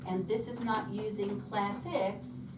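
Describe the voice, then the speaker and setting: A woman's voice: medium pitch, fairly even intonation, takes it slowly, recorded from a distance. A woman teaching piano arranging in a workshop, chatty and self-deprecating, thinking aloud as she plays. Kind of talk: informal teaching talk at the piano. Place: hall or classroom with piano. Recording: echoey room, voice from afar, loud piano. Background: piano playing.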